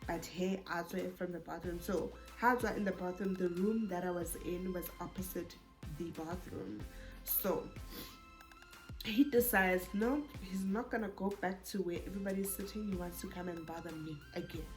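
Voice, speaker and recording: A young South African woman telling a storytime vlog, animated and code-switching, who rises into exasperated bursts. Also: fairly low pitch, normal speed, soft background music. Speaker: YouTuber.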